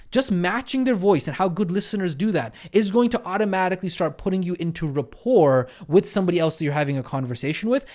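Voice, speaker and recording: A man giving a recorded coaching lesson, explaining listening skills step by step and often checking in with the listener. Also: sits high. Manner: repetitive teaching cadence, frequent "right?" and "okay?" check-ins. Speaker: coaching trainer.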